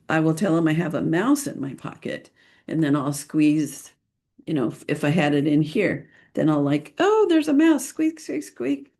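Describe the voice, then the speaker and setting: A middle-aged woman hosting a podcast, chatting casually and playfully about photographing children, laughing often and pausing with lots of ums. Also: low voice, a little mellow. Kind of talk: casual podcast talk, giving tips.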